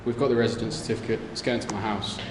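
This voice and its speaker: A young man narrating his own motorbike trip in a casual travel vlog, cheeky and self-mocking, with bursts of excitement. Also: on the low side, racing, noisy background. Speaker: travel vlogger.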